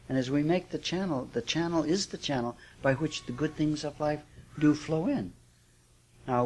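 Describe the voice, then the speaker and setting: An older man giving a sermon as a spiritual teacher, speaking in an unhurried, reflective way with repetitions and restarts. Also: mid-range voice, a little mellow, slightly rough.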